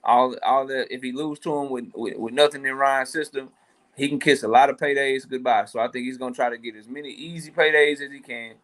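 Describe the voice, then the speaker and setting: Bright-voiced casual man. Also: mid-range voice, fairly even intonation, brisk. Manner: loose, profane, thinking out loud with fillers. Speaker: boxing talk show co-host. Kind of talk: casual boxing chat.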